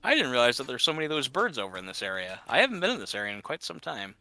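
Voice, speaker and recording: A man's voice: mid-range voice, huge pitch swings, very fast, pushed and bright. A man chatting casually and rambling while playing a game, laughing at himself often. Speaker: gamer. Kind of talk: casual gaming chat.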